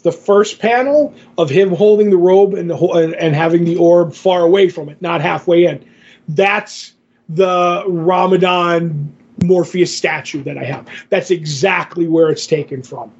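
A high-pitched man with a husky edge talks through a comic's plot in a loose, rambling way, stopping often with "you know" and "um". The audio sounds dull and lo-fi. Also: fairly even intonation, unhurried, a little mellow. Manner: rambling retelling with many fillers and quoted dialogue. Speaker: podcast host. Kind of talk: casual comic book recap.

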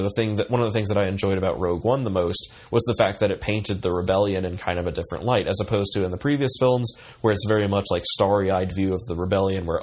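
A man's voice: fairly low pitch, darkish tone. A man co-hosting a podcast in casual chat, rambling with many fillers and restarts. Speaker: podcast co-host.

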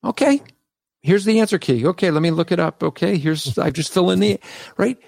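A man guest on a podcast interview, a street evangelist telling stories of his debates in an animated, argumentative way. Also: on the high side, fairly quick, vocal fry, dry recording. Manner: animated, argumentative, recounts debates by acting out both sides. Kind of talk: conversational storytelling in a podcast interview.

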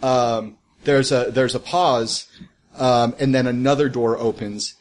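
Acting as game master, a man narrates a tabletop game in a mid-range voice and steady tone. His delivery rambles and halts, full of fillers.

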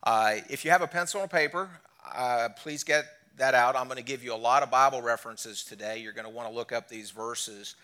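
Middle-aged man, guest preacher, bright voice, quick folksy delivery. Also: mid-range voice. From Alabama. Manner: fast-talking, folksy, joking. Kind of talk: sermon.

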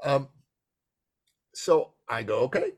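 A middle-aged man telling an expressive, animated story as a podcast guest. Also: moderate pace, vocal fry. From Persian heritage. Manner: expressive, swings to high excited pitch in quotes. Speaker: podcast guest, business coach.

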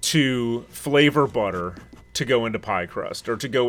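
A man co-hosting a podcast, chatting casually and explaining things in an animated way. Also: medium pitch, measured pace. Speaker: podcast co-host. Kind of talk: casual chat.

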